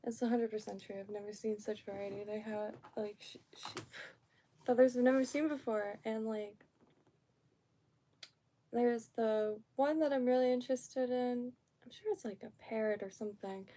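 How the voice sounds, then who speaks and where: A woman's voice: a little high, steady tone, moderate pace, a little hiss or hum. A woman streamer from Florida chatting casually on a live stream, rambling and trailing off as she talks. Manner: rambling, soft-spoken, trails off and restarts.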